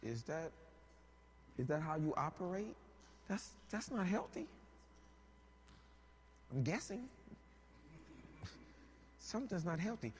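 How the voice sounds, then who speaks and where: A man preaching a sermon, animated and joking, rising to shouts at times. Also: sits high, slow pace, pauses often, big-room sound, a little hiss or hum.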